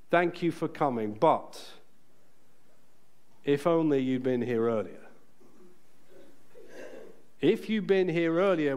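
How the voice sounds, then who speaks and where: A man preaching a sermon in a church, earnest and emphatic, slowing down to stress key phrases. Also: a little high.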